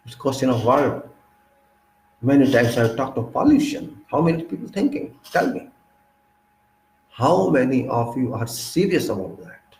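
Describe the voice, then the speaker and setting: A man with an Indian English accent delivering a preachy lecturing monologue, full of rhetorical questions and sudden emphatic jumps in pitch. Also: vocal fry, roomy sound, slight background noise, low-quality recording. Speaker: speaker of a commentary channel.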